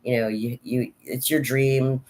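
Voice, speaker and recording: A woman's voice: a bass voice, little pitch movement, a little slow, darkish tone. A woman vlogger talking casually and frankly, rambling between thoughts and often laughing at herself. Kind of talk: casual personal chat.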